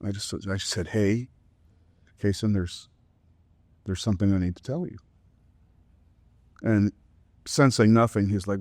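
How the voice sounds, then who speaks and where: A man's voice: medium pitch, moderate pace, pauses often, no room sound. A middle-aged man on a podcast, casually telling a family story and acting out the voices of the people in it. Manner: animated storyteller, acts out quoted voices. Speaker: podcast co-host, father.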